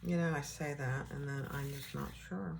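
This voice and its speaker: A woman giving a casual sewing tutorial, relaxed and chatty, thinking aloud as she works. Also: very deep voice, normal speed, creaky, background noise. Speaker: sewing instructor.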